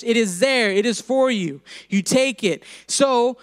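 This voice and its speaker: A man's voice: extremely high pitch, measured pace, few pauses, clean tone. A man preaching a sermon to a congregation, building to emphatic peaks and joking with the crowd.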